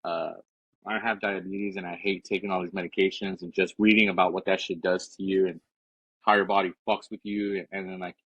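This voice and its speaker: A middle-aged man with a low, husky voice chats casually, with a laid-back, self-mocking tone. The sound is dry and close to the mic. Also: level tone, a little fast, a bit bright, no room sound, dull audio. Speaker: podcast co-host. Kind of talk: casual chat.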